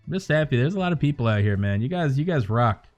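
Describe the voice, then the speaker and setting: A man's voice: mid-range voice, expressive, fast talker, darkish tone, faint music behind. A man chatting casually on a livestream, rambling, swearing freely and joking as he rants to his viewers.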